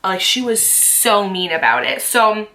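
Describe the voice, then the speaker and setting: Bright-voiced young woman telling a story. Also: mid-range voice, expressive, a little slow. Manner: chatty, emphatic, many filler likes. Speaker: storytime vlogger. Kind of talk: casual storytelling.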